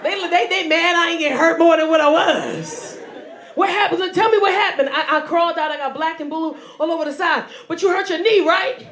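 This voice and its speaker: A woman's voice: very high voice, fairly quick, fairly bright tone. A woman doing a brash, profane stand-up routine on a club stage. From New York, South Bronx. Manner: brash, profane, acts out characters. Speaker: stand-up comedian. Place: comedy club stage, laughing audience. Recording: live club recording with crowd noise.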